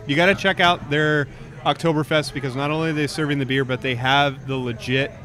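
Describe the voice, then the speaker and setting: A man's voice: fairly high pitch, fairly even intonation, fairly quick, fairly bright tone, faint music behind. A man hosting a casual tabletop show in a brewery beer garden, upbeat, plugging events and explaining the rules. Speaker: show host and game runner. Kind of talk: casual chat.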